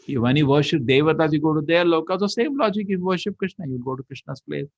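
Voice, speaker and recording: A man giving a lively scripture lecture as a temple preacher, telling stories animatedly. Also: a little high, fast talker, no room sound. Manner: animated storyteller, acts out quotes. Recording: dull lo-fi recording.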